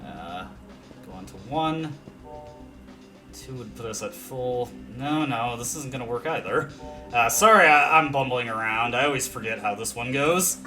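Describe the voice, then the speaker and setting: A young let's play commentator with a medium-pitched voice speaks at a normal speed, casually narrating a video game as he plays. He thinks aloud, filling gaps with lots of fillers and self-deprecating asides, while faint game music plays behind him.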